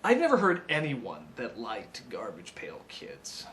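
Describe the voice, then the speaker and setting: A man reviewing films in an impassioned unscripted rant. He is excitable, stammers and restarts, and swings between shouted outbursts and low mutters. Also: unhurried, a little hiss or hum. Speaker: film reviewer.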